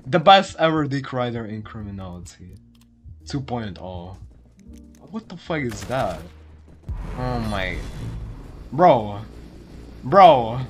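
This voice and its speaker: Man, gameplay commentary, excitable, cursing, slow drawl, lively pitch. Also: faint music behind. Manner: excitable, swears often, constantly says "bro". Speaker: gaming video creator.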